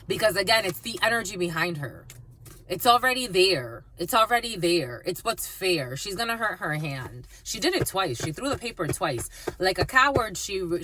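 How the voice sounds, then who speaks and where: Brief: female psychic vlogger, casual and foul-mouthed, lively swings in pitch. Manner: blunt and profane, calls viewers "my lovies". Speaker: psychic card reader. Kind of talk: casual storytelling to viewers.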